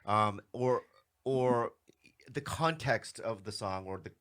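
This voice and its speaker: A man's voice: on the low side, slow, fairly bright tone. A man co-hosting a podcast, talking earnestly in casual conversation and often checking in with "right?". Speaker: podcast host.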